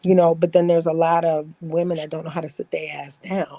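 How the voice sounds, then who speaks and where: A woman's voice: deep voice, level tone, a little fast, warm tone, no room sound, rough recording. A woman in her forties telling stories in a casual chat as a podcast guest, blunt, boastful and full of profanity.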